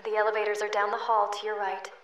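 An actress playing an eerily calm woman with a nosebleed, speaking in a flat, detached way. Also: mid-range voice, quick pace, lightly acted. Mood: eerie calm. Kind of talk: analog horror audio drama. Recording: echoey, from far off.

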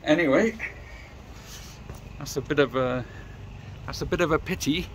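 Speaking at a moderate pace in a slightly high voice, a middle-aged man rambles casually to his viewers on camera. He's a motorcycle vlogger walking about outdoors near a church and graveyard, and a little hiss or hum is audible.

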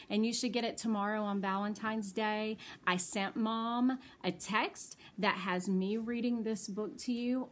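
An older woman, a grandmother, reading a children's picture book aloud in a tender, expressive way. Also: a little high. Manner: tender, slow and expressive storytelling.

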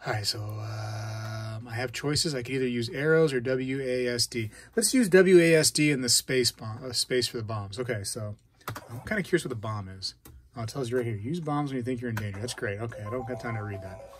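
A man hosting a casual hobby vlog, chatting and reacting out loud while he plays a game. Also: medium pitch, a little fast, a little hiss or hum. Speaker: coin-collecting channel host.

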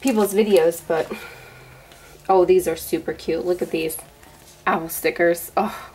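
Woman, 30s, lower-pitched, chatty unboxing vlogger, rambling and gushing; light background hiss. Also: steady tone, measured pace, darkish tone, rough recording. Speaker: vlogger showing a gift box. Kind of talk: casual show-and-tell unboxing.

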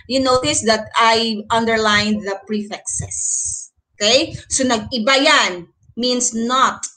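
Bright-voiced Filipino woman teaching. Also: a little high, rough recording. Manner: encouraging, checks in with frequent "okay?". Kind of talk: online lesson, mixing English and Tagalog.

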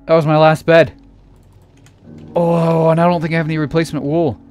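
A man narrating a scary game playthrough in a theatrical way, dropping to a hush and then shouting in panic. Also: fairly high pitch, little pitch movement, brisk, faint music behind. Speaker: let's player. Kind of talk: acted creepypasta gameplay narration.

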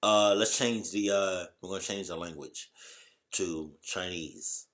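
A man in a casual vlog, reacting with loud exclamations and slangy chatter while trying out a translation app. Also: low-pitched, measured pace. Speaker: YouTuber.

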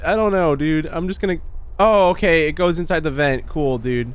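A man's voice: a little high, normal speed, smooth. A young man giving casual, chatty commentary while playing a horror game, often calling out "dude" and shrieking when startled. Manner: jumpy, chatty, calls viewers "dude". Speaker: gaming YouTuber.

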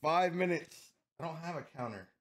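A man vlogging a spicy food challenge, excitable and swearing, groaning and coughing as the heat hits him. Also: a little high, normal speed. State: in pain from heat, teary. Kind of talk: casual food challenge vlog.

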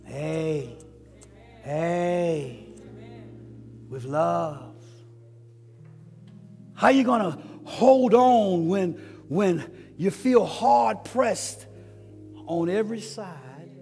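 A male pastor delivers a sermon, his high voice unhurried and drawn out. He builds in waves of repeated questions. The sanctuary rings with long reverb over soft instrumental music. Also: lively intonation. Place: church sanctuary.

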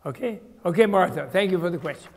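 A man's voice: high-pitched, animated, quick pace, creaky. An older man teaching a class on Buddhist terms, explaining thoughtfully and restarting his sentences as he goes. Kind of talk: lecture to a class. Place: lecture hall. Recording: reverberant hall.

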